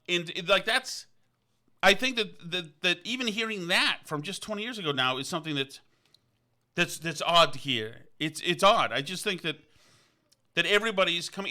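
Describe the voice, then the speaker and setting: A man's voice: sits high, bright, forceful tone. A man from Vermont hosting a podcast, talking in a casual, digressive way with frequent restarts and fillers. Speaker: podcast host. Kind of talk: casual rambling monologue. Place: on location, indoors.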